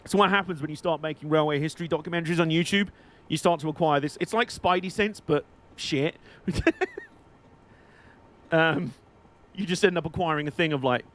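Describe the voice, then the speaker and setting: Male streamer, slightly high pitch, rambling and chatty, laughs a lot. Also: normal speed, pauses often, fairly bright tone. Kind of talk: casual live-stream commentary.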